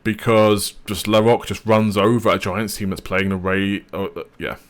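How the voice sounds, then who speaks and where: A man co-hosting a podcast, talking casually about esports with relaxed anecdotes and plenty of fillers. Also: on the low side, normal speed. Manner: relaxed storytelling, many fillers, hedges. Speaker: podcast co-host. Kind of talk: casual esports analysis chat.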